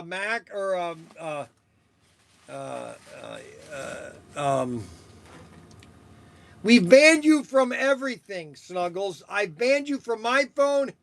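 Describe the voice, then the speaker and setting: High-voiced man, slow, rambling chatter. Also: dry recording. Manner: rambling, halting, with frequent chuckles. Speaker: host of a toy shop stream. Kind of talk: casual rambling live chat.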